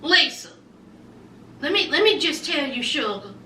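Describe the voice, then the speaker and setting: A woman's voice: sits high, expressive, a little slow, bright, forceful tone, echoey room, distant mic, a little hiss or hum. A woman in her forties giving a sassy, emphatic recap of a reality show, repeating lines for effect. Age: 40s. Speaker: TV show reviewer.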